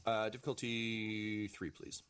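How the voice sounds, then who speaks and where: A low-voiced man runs a tabletop role-playing session. His narration is loose and halting, packed with ums and uhs and the odd casual curse, as he describes the action to his players. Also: flat delivery, fairly bright tone, clear, resonant tone. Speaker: game master.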